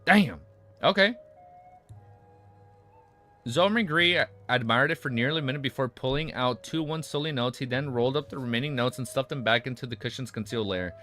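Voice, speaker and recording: Raspy guy streaming a novel read-aloud, trips on words, redoes lines, quiet music underneath. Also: mid-range voice, fast talker, hardly any pauses. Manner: stumbles over words and rereads lines, breaks off into excited asides. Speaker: streamer reading a web novel aloud and reacting. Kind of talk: casual reading with live reactions.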